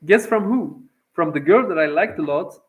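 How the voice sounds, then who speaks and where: A man's voice: fairly high pitch, animated, moderate pace, rough recording. A young man from Iran telling a long personal story in a casual, profane, rambling way, with lots of fillers. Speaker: vlogger.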